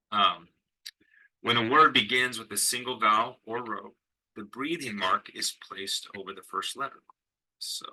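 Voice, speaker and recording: A man teaching a recorded language lesson in a relaxed way, pausing with fillers and sounding out syllables slowly. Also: lowish voice, rough recording. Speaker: Greek teacher.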